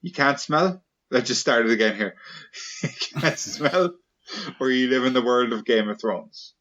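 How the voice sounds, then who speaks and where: A man hosting a casual comedy podcast, peppering his friends with quick playful questions. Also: mid-range voice, a bit bright, highs cut off. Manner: playful, quick questions, jumps into silly voices. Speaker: podcast host.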